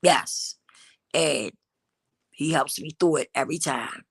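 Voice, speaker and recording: A woman's voice: low-pitched, slow, creaky, slightly rough, no echo. A woman hosting a livestream, talking emphatically to her viewers in casual vernacular, a little stuffy from a cold. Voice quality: slightly congested from a cold. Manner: emphatic, preachy, addresses the audience as y'all; African American Vernacular English speech. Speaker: livestream host. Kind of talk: casual motivational talk to viewers.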